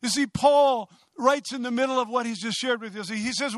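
A man preaching a sermon with impassioned, loud delivery, building to exclamations. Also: very high-pitched, normal speed, hardly any pauses, dry recording. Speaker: pastor.

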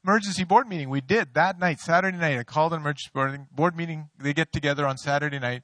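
A middle-aged man preaching a sermon, an animated storyteller who mocks himself and laughs often. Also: on the high side, fast, no room sound. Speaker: pastor. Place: church sanctuary.

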